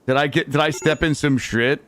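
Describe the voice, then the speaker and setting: A man's voice: a little high, fairly even intonation, fairly quick, fairly bright tone. A young man streaming a game, chatting playfully with his viewers and swearing casually. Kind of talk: casual gaming stream chat.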